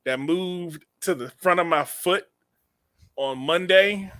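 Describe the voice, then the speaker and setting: A man's voice: sits high, takes it slowly, pushed and bright, dry recording. A man in his late thirties, co-hosting a podcast, who rambles in a casual comedic chat, laughs often and repeats his words. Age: 30s. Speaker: podcast co-host.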